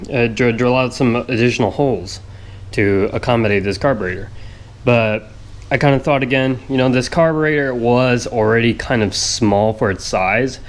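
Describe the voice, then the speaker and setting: A man's voice: medium pitch, low-quality recording. A man with a congested, nasal voice, narrating in a hesitant, rambling way with many fillers. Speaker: car hobby vlogger. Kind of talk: casual narration over work footage.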